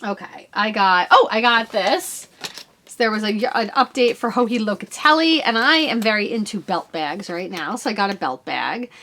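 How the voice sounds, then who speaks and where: Woman, forties, knitting podcast host, casual show-and-tell, rambling and self-mocking, bouncy pitch. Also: lively intonation, moderate pace, bright, forceful tone, slight background noise.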